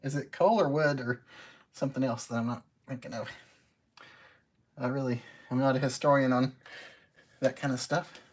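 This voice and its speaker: A man hosting a casual livestream while he cooks. He talks in a chatty, expressive way and laughs easily. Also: medium pitch, moderate pace, pauses often. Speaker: cook and livestream host. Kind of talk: casual live-stream chat while cooking.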